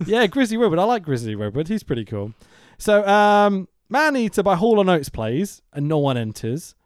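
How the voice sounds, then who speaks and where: Man, casual podcast chat, sweary, laughs often, smooth voice, lively pitch. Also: moderate pace, no echo, clean studio sound. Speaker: podcast co-host. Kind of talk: casual wrestling review chat.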